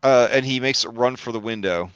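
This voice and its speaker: A man narrating a tabletop game as game master, in a casual, halting way with many fillers. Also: mid-range voice, fairly bright tone, clean tone, no echo, dull audio.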